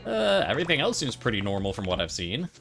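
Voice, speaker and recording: Rambling streamer man, lively pitch. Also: fast, creaky, soft background music. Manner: casual, rambling, thinking aloud. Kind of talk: let's-play commentary.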